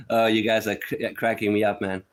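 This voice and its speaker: A livestream host runs a true-crime stream, talking to his chat sarcastically and with mock emotion. He reads letters aloud in a syrupy, mocking tone, his voice lowish and fairly bright.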